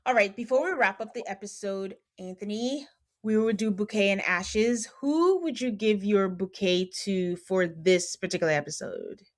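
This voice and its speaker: A woman's voice: medium pitch, moderate pace. A woman hosting a podcast, casually recapping a reality show and acting out what people said. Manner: quotes people in animated retellings. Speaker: podcast host.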